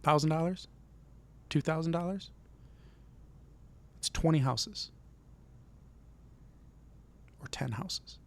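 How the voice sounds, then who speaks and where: Middle-aged guy from michigan doing a motivational vlog, gravelly voice, earnest and pushy in a friendly way. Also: on the high side, takes it slowly, long pauses. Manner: earnest, encouraging, repeats himself. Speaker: vlog host. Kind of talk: motivational talk to camera.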